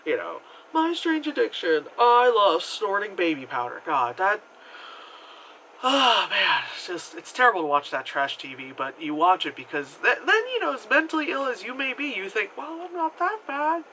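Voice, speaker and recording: A movie reviewer chats through a plot recap in a loose, rambling way, leaning on "like" and cursing without a second thought. The voice is bright and lively, leaping up and down in pitch. A faint hiss sits under the talk. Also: moderate pace, poor audio. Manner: rambling, filler-heavy retelling with frequent "like"; swears freely and acts out quoted characters. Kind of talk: casual movie review chat.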